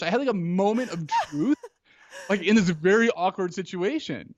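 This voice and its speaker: A man in his thirties, a podcast guest telling a personal story in a casual, animated way, full of "like" and acted-out quotes. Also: high voice, a little slow, long pauses.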